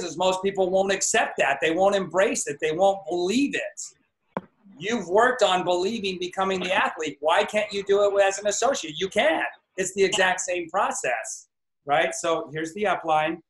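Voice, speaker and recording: A fired-up male coach speaking over a video call, his voice sitting a little high for a man. He swings into loud, excited affirmations. The room around him rings with echo. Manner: energetic, acts out exclamatory affirmations. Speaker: network marketing coach.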